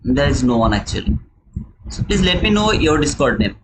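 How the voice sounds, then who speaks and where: Talking viewers through a chart, a young man with a non-native English accent gives chatty, repetitive live trading commentary, going step by step, restating key points and addressing everyone as "brother." He's a day-trading streamer with a mid-range voice that swings widely in pitch at a moderate pace. Background noise is audible.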